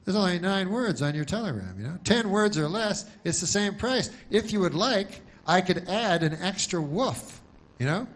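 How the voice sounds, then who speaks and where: A man's voice: high-pitched, expressive, normal speed, voice pushed up. A man voicing a chatty, helpful clerk in a telegram office.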